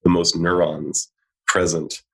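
A man hosting a podcast, asking thoughtful, measured questions in a low voice. His tone is gravelly, with a husky edge. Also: flat delivery. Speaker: podcast host. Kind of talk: conversational podcast interview.

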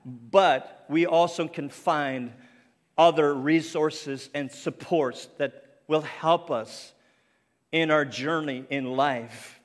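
A man's voice: fairly high pitch, takes it slowly. A middle-aged man from Cape Breton Island preaching an earnest, personal sermon, his speech faintly French-sounding after a stroke, with some restarts. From Cape Breton Island, Canada. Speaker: ministry speaker. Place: church sanctuary. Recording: long reverb of a large church.

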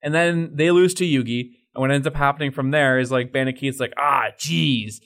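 A young man co-hosting a casual podcast, telling excited, profane stories and slipping into put-on quotes. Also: mid-range voice, fast talker, clean tone. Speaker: podcast co-host. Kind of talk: casual chat.

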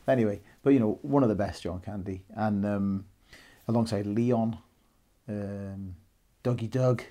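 A man's voice: on the low side, unhurried, warm tone. A Welsh man in his thirties co-hosting a casual film podcast, chatty and rambling, laughing often. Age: 30s. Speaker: podcast co-host.

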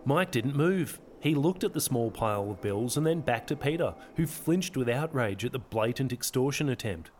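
A man's voice: medium pitch, lively intonation, normal speed, few pauses, darkish tone, a little hiss or hum. Man narrating a novel. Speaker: author and narrator. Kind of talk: audiobook narration.

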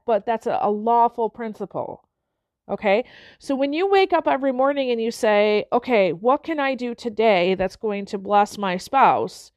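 A woman speaks as a motivational coach, her voice sitting a little higher than most. She keeps checking in with her listeners with short tags as she talks them through an idea. The recording is dry and close, with no room sound. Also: darkish tone, no room sound, muffled recording. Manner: frequent checking-in tags like okay and right. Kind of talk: motivational talk to an audience.

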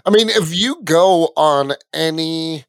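A man guesting on a casual podcast, loud and boisterous in his talk. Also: on the high side, slow pace, clean tone, dry recording, studio quality. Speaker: guest, comedian. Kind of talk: casual chat.

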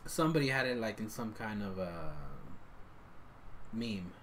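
A man co-hosting a podcast in casual chat, talking in an animated, chatty way with frequent laughter. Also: fairly low pitch, measured pace, background noise. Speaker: podcast co-host.

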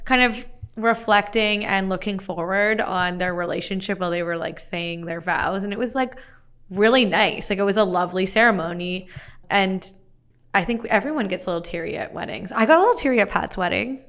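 Woman co-host, smooth clear tone, chatty and loose, lots of "like", casual podcast chat. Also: mid-range voice, a little fast, a bit bright. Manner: chatty, leans heavily on "like".

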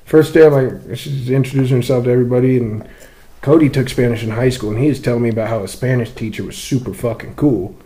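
A young man co-hosting a podcast, telling a profane, animated story in casual chat. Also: medium pitch, fast. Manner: animated, profane, acts out quotes. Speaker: podcast co-host.

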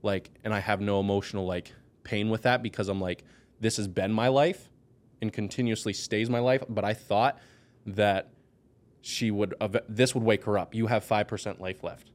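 A man with a fairly low voice speaks candidly as a podcast guest. He is blunt and emotional, and his voice rises and pushes hard on key words. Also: fairly even intonation, moderate pace. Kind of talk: candid personal conversation.

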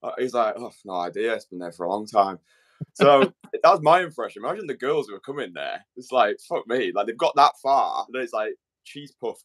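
A man's voice: mid-range voice, a bit bright. A man hosting his podcast in a rambling, laddish monologue, swearing freely. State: slightly out of breath. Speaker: podcast host. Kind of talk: casual monologue and chat.

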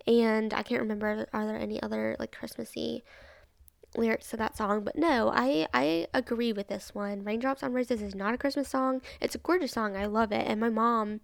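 A young woman hosts a chatty podcast, rambling through her opinions with lots of fillers and laughs. Her voice sits a little high and has a gravelly fry. The sound is dry and close to the mic. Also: fairly even intonation, normal speed, no room sound. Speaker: podcast host. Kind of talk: casual opinion chat.

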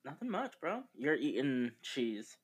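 A man co-hosting a podcast chats casually, rambling in a laid-back way with frequent fillers. His voice is medium-pitched and husky, very animated, at a measured pace.

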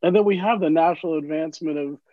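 A man's voice: on the high side, fast talker, dry recording, narrow, tinny audio. A man in casual podcast conversation, rambling and searching for words, swearing at times. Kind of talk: casual chat.

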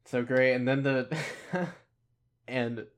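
A man's voice: mid-range voice, fairly even intonation, slow. A man in a casual podcast chat who laughs a lot and often stops to restart his sentences. He acts out quotes as he talks. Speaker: podcast co-host.

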